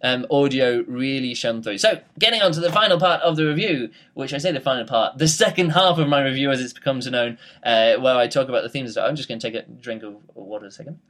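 A man's voice: medium pitch, quick pace, hardly any pauses, a bit bright. A man giving a casual spoken book review, rambling with many fillers and restarts.

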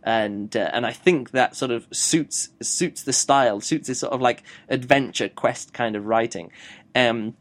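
A man's voice: mid-range voice, measured pace, a bit bright. A man giving a casual audiobook review, rambling and thinking aloud as he goes. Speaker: book reviewer.

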